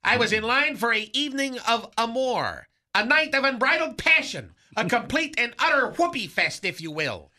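A long-winded, pompous lovesick fellow, as a man puts him on for a radio comedy sketch. The tone is strikingly bright and thin, and he piles up fancy words with deadpan self-importance. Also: very high voice, normal speed, few pauses, heavily acted. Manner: flowery, overblown vocabulary, deadpan bragging. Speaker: recurring comedy character.

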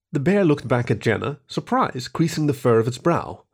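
A man narrating a short story in an expressive reading voice. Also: medium pitch, normal speed, hardly any pauses, husky.

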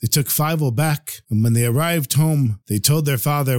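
A man telling a traditional tale as a podcast storyteller, in an expressive, lively way. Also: a little high, normal speed, no room sound, studio quality.

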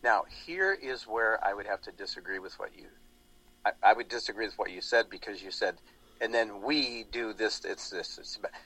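A man's voice: lowish voice, moderate pace, bright, forceful tone, slightly rough, low-quality recording. A man hosting a talk show, rambling animatedly with lots of restarts in casual political chat. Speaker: radio show host.

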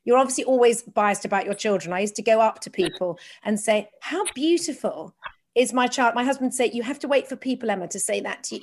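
Gushing, animated woman host. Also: a little high, quick pace, a little hiss or hum. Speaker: podcast host. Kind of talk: casual chat.

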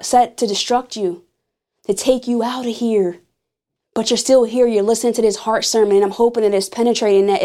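Earnest woman host, slow and intimate. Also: a little high, warm tone. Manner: earnest, slow and emphatic, speaking directly to listeners. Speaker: podcast host. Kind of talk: intimate spoken sermon on grief.

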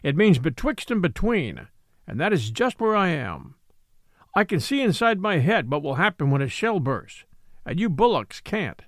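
A man voicing a large, gentle and nervous male elephant with a gurgly, rumbly voice, mild and thoughtful. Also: big pitch swings, normal speed, no echo, clean studio sound.

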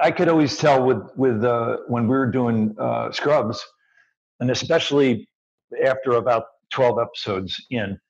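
Husky man, animated profane storyteller, lo-fi podcast audio. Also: mid-range voice. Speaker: podcast co-host, actor. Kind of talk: casual chat.

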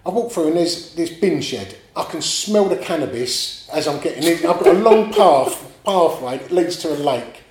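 A man, a guest telling animated stories in casual chat, often laughing and swearing. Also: fairly high pitch, normal speed, few pauses. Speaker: guest artist. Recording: echoey room, faint background noise.

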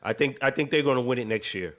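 A man's voice: mid-range voice, quick pace. A man co-hosting a sports podcast, giving short, confident predictions. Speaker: podcast co-host. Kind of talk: casual sports chat.

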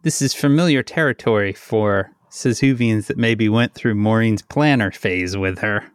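A man co-hosting a podcast in casual chat, measured and agreeable, often chiming in with short affirmations. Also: fairly low pitch, clean tone, no room sound, clean studio sound. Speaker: podcast co-host.

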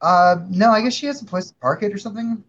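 A man guest on a talk show, telling a story in a halting, stammering way. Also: high-pitched, a bit bright, dull audio. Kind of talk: casual chat.

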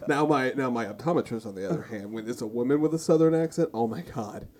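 A man's voice: mid-range voice, fast talker, a little mellow. A man co-hosting a casual podcast, joking and laughing often. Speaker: podcast co-host. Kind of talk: casual chat.

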